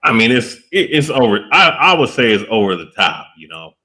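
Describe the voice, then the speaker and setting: A man in a casual wrestling debate with a mid-pitched voice that rises and falls a lot. He talks in loose, self-correcting runs and keeps checking in with "you know what I'm saying?". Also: sing-song, a little fast, bright, forceful tone.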